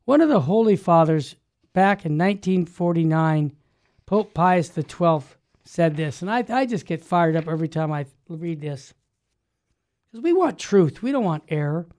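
A man hosting a religious talk radio show, teaching with fervent emphasis that builds to loud exclamations. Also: on the high side, expressive, moderate pace.

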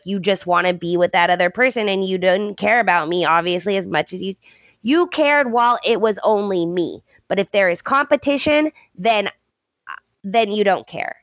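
A woman's voice: medium pitch, a bit bright, dry recording. Chatty woman on a dry podcast mic. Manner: chatty, joking, with frequent fillers. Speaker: podcast co-host. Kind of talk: casual chat recapping a soap opera.

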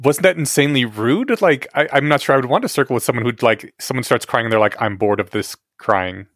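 A man's voice: medium pitch, expressive, fast, fairly bright tone, no room sound, studio quality. Curious man hosting a podcast. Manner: curious, questioning, easily amused. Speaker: podcast host. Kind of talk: casual conversational interview.

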